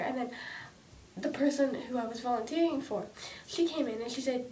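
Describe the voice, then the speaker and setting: Anxious young woman ranting to camera. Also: mellow. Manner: halting, restarts often, many "like"s. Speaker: vlogger. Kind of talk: emotional personal vlog rant. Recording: distant mic with faint rumble.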